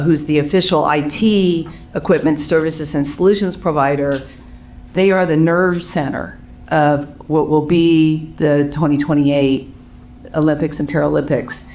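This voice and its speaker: A panel moderator praising a guest and introducing the next speaker, measured with frequent fillers. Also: medium pitch, fairly even intonation, darkish tone.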